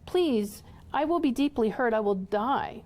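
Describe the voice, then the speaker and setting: Woman reading as a courteous male vampire, begging, formal phrasing, pitched up. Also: animated, a little slow, darkish tone. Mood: pleading. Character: polite pleading male vampire.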